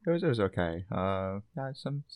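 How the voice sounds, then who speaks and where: A man on a comedy podcast reading reviews aloud in a deadpan voice with mock enthusiasm. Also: on the low side, moderate pace, smooth. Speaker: podcast co-host.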